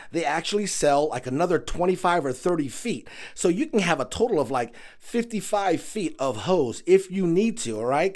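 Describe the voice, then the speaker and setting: A man with a Hawaiian accent giving an upbeat, chatty home aquarium vlog walkthrough, joking with viewers. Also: fairly high pitch. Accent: Hawaiian English. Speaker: aquarium hobby vlogger. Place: home indoors.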